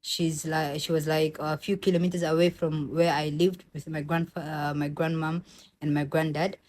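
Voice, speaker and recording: Animated young woman storyteller. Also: sits low, normal speed, slight background noise. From Somalia. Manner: animated, acts out the other people's voices. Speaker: vlogger. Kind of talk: casual personal storytelling.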